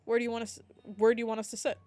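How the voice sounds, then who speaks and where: A woman's voice: fairly high pitch, little pitch movement, rapid-fire, a little mellow, faint music behind, natural voice. A woman voicing a wry, playful young heroine. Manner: playful and sarcastic.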